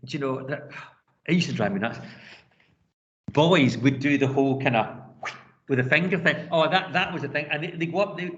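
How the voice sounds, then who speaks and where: A man with a lilt leading a classroom discussion, asking questions in an animated way with many restarts. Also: fairly high pitch, brisk, long pauses. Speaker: teacher. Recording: dull lo-fi sound.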